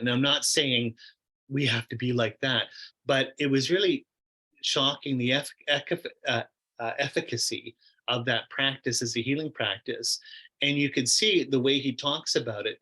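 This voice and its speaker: A middle-aged man teaching Buddhist meditation speaks in a medium register with a bright, forward timbre. He tells stories in a loose, conversational way, full of fillers, restarts and quoted asides. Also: mid-range voice, poor audio. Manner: chatty and rambling, many fillers, quoted asides. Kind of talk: casual storytelling in a Q&A discussion.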